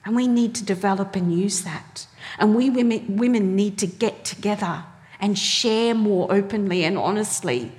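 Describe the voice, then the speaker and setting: A woman's voice: medium pitch, normal speed, a little mellow. A woman preaching a sermon, telling stories animatedly and acting out the voices she quotes. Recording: long hall reverb.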